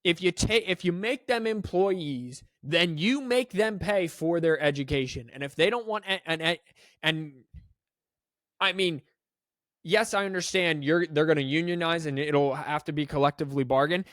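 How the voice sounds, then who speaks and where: A man's voice: a little high, moderate pace, a bit bright, dry recording, clean studio sound. A man hosting a sports podcast, giving emphatic, rambling opinions with frequent restarts. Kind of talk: opinionated solo sports talk.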